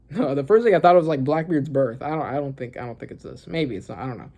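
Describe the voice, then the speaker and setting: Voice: medium pitch, fast talker, creaky, highs cut off. A young adult reacting to a new manga chapter in casual commentary, reading panels aloud with gasps, laughs and a lot of fillers. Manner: excitable, gasping and laughing, lots of fillers.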